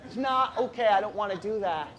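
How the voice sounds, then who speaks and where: Shrill indignant young fiancée , as a male comedian puts her on. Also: expressive, a little fast, a bit bright. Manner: shrill, emphatic protest. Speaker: stand-up comedian. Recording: echoey club, far mic, crowd noise.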